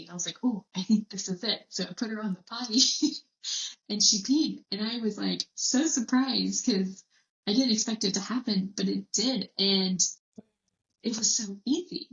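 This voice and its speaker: A woman's voice: medium pitch, a bit bright. Woman host on a slightly muffled mic. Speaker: podcast host. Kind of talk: interview conversation. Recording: slightly dull lo-fi sound.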